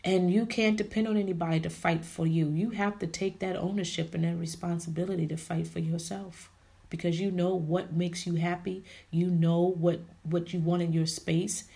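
A woman's voice: lowish voice, warm tone. A woman hosting a podcast, giving motivational faith talk to women, preachy and repeating her phrases for emphasis. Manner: preachy, repeats phrases, calls listeners honey and ladies. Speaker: podcast host.

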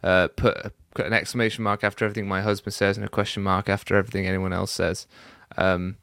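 Low-voiced man picking apart wording. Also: little pitch movement, vocal fry, fairly bright tone, no room sound, clean studio sound. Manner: analytical, halting, restarts often. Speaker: podcast co-host. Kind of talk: casual discussion. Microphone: video call.

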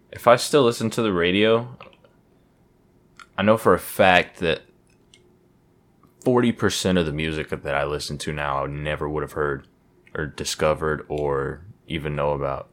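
A young man with a low voice chats on his own podcast in a loose, rambling way. He swears freely and pokes fun at himself as he goes. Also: measured pace, pauses often, a bit bright. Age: young adult. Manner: rambling, profane, self-deprecating. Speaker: podcast host. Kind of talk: casual solo podcast chat.

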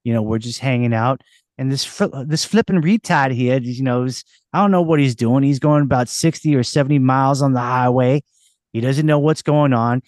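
A man's voice: mid-range voice, normal speed, darkish tone, no echo, studio quality, lightly acted. A man putting on a crude, bossy Boston guy with a Boston accent, rambling brashly. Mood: rowdy.

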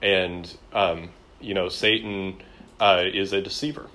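A man's voice: deep voice, fairly even intonation, a little slow, sharp tone. A man teaching a church history class in a conversational lecture, with frequent fillers and repeated words.

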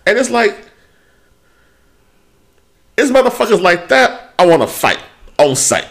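Animated, profane man hosting a podcast. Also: high-pitched, measured pace, vocal fry. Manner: quotes people in put-on voices. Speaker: podcast co-host. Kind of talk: casual chat.

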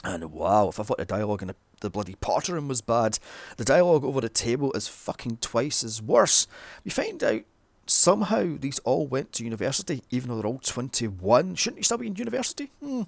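A man's voice: medium pitch, sing-song, a little fast, gravelly, dry recording. A man recapping a film in a sarcastic, comedic way. He swears often and keeps breaking in with mocking asides.

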